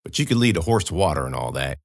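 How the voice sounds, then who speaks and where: A man's voice: rumbling low, sing-song, fast, vocal fry, dry recording, clean studio sound. A man narrating a horror audiobook in the first person, telling it in a folksy, conversational way.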